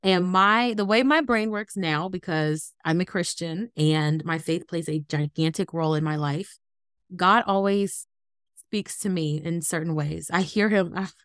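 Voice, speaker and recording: A woman in her thirties, a guest on an interview, telling her story in an animated, earnest way. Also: on the low side, measured pace, smooth, no room sound, clean studio sound. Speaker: guest, entrepreneur.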